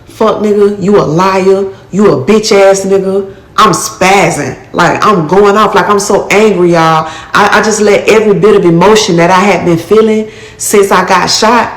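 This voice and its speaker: A woman's voice: fairly low pitch, fairly even intonation, normal speed, roomy sound. A woman telling her own life story in casual, blunt street talk, acting out what people said. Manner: blunt, profane street talk with acted-out quotes. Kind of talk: casual first-person storytelling.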